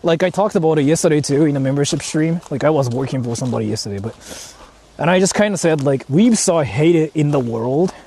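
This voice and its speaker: A man's voice: a little high, animated, fairly quick, warm tone, husky. A man from Japan livestreaming outdoors in the mountains, rambling casually with slang and swearing. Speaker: streamer.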